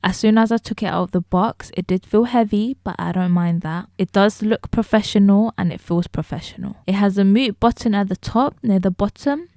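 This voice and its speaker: A woman talking straight to her viewers as she reviews a microphone, explaining each feature clearly, recorded close on a studio mic in a room at home. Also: mid-range voice, moderate pace, hardly any pauses, dark tone, no room sound. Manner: explanatory, addresses viewers directly. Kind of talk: casual product review. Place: indoor room. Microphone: close studio dynamic microphone.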